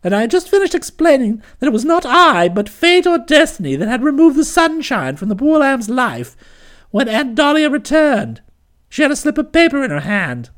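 A woman narrating a comic novel aloud in an expressive, storytelling manner. Her voice is high and full of lively swoops. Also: moderate pace. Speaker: audiobook narrator.

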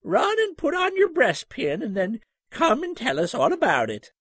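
A man voicing a benign old lady who speaks gently and teasingly, with a husky voice. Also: very high-pitched, huge pitch swings, moderate pace, no echo, studio quality, pitched above the performer's own voice, heavily acted. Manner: gentle, mildly mocking.

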